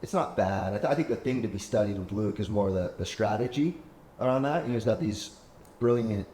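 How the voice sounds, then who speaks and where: Expressive and brisk, this man's lowish, dark voice drives a casual podcast chat full of rambling anecdotes and acted-out dialogue. He's the host, speaking from a penthouse apartment. Echo and a faint hum can be heard.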